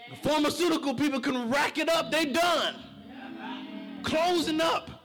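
High-voiced man preaching with shouted emphasis. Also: unhurried, faint music behind. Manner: preaching with shouted, rising emphasis and humorous personal stories. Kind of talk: sermon. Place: church.

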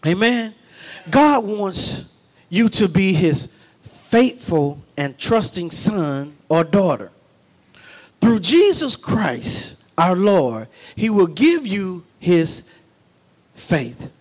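A man preaching a sermon in a very high, lively voice. He talks in folksy call-and-response, swinging between soft asides and ringing shouts. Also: very slow.

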